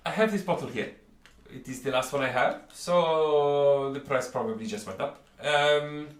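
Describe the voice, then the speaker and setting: A man playing a polite, shrewd merchant, raised pitch. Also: normal speed, distant mic, lightly acted. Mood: courteous. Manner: polite, formal, haggling. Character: courteous, shrewd male merchant with a pet. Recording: roomy echo.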